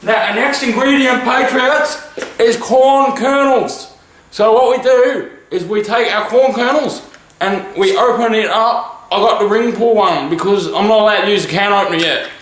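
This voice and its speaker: A man playing a childish, earnest man-child who explains a cooking demonstration slowly, step by step. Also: high-pitched, a bit bright, slight background noise. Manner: slow, earnest, demonstrative kitchen-show explaining. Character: childish man-child cook, not allowed knives. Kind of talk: parody cooking segment. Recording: very echoey room, far from mic.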